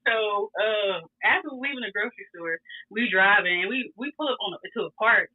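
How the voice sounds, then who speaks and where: A woman telling a wild story in a casual, animated, profane way, laughing often. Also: medium pitch, brisk, husky. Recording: tinny phone-like sound.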